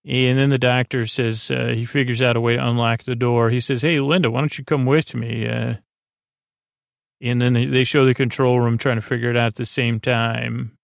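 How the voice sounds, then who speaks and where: A man hosting a sleep podcast, retelling a TV episode in a meandering, low-key way. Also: flat delivery, normal speed, gravelly, smooth, dry recording, studio quality. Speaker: podcast host. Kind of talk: relaxed plot recap for a sleep podcast.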